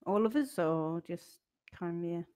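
A woman's voice: on the low side, a little slow, a little mellow, smooth. A woman player at a tabletop game who asks questions in a hesitant, casual way.

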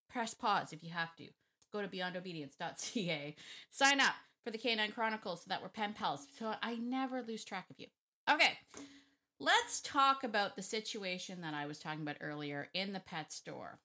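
A woman's voice: mid-range voice, expressive, normal speed, bright, forceful tone. Chatty woman dog trainer. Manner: chatty, restarts and self-corrections, laughs often. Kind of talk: casual talk to camera.

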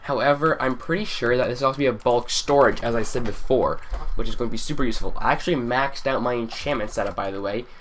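Excitable young man narrating his gameplay. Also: mid-range voice, quick pace, slight background noise. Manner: chatty, excitable, with sudden yelps. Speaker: gaming youtuber. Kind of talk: casual gameplay commentary.

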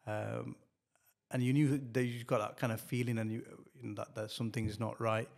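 A middle-aged man, telling a personal story as a podcast guest, halting and repeating words with many fillers. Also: medium pitch, steady tone, vocal fry, darkish tone. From northern England.

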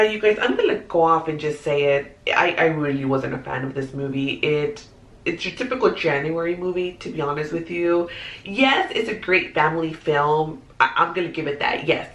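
A woman's voice: deep voice, animated, normal speed, a bit bright. Woman host giving her honest movie take, talky, repeats words, echoey room. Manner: talkative, frank, repeats herself. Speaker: movie reviewer, channel host. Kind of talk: casual chat.

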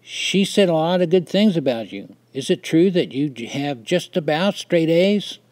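A man's voice: fairly high pitch, expressive, normal speed, darkish tone, no room sound, voice pushed up, natural voice. A man voicing a talkative neighbor woman who eagerly passes on gossip. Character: chatty nosy neighbor woman.

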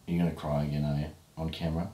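A man's voice: very deep voice, little pitch movement, rapid-fire, mellow, slight background noise. A man in a heated argument, sneering, mocking and swearing. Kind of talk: heated argument, documentary footage. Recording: roomy room echo.

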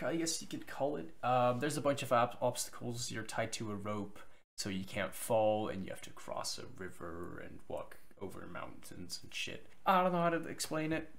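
A man's voice: medium pitch, creaky. A man narrating his vacation vlog in a casual, rambling, offhand way. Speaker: vlogger narrating his trip.

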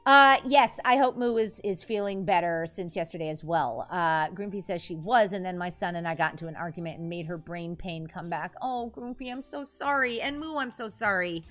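A young woman streaming a video game, chatting casually and greeting her chat by name in an animated, jumpy way. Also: fairly low pitch, moderate pace, few pauses.

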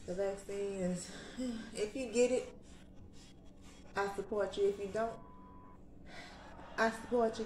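A woman's voice: medium pitch, warm tone, roomy sound, slight background noise. A young woman vlogging in casual, sassy, slang-heavy chat.

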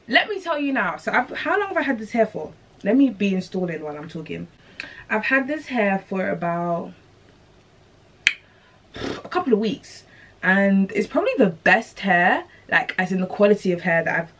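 A young woman chats straight to her viewers while she works on a wig. Her talk is casual and slangy, her pitch sits in the middle, and she bounces between asides and stories. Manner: chatty, animated, slangy, talks to viewers as sis. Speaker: beauty vlogger.

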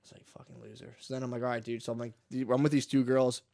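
A man's voice: medium pitch, flat delivery, fast, gravelly, darkish tone. A man co-hosting a podcast, telling a long story in casual chat, swearing often and laughing as he goes. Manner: profane, laughing, rambling. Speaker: podcast co-host.

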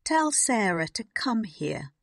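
A woman voicing a stern, cold headmistress who gives curt commands, in a slow storybook reading. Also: medium pitch, big pitch swings, creaky, no room sound, clean studio sound, heavily acted.

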